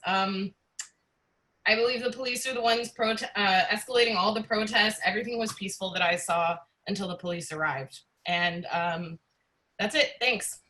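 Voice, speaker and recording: Upset public commenter, female, bright tense tone, hesitant delivery. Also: mid-range voice, low-quality recording. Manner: earnest, upset, many fillers.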